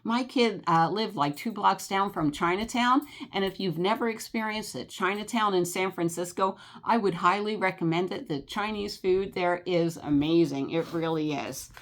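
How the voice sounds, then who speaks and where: A woman's voice: medium pitch, normal speed, hardly any pauses. Older New Jersey woman, travel vlogger, rambling chatty delivery, full of fillers. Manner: chatty, animated, many fillers and laughs. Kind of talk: casual rambling chat.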